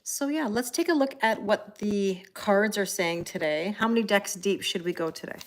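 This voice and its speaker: A middle-aged woman reading tarot on a livestream, chatting casually, greeting viewers by name and filling pauses with ums and soft laughs. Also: medium pitch. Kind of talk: live-stream casual chat.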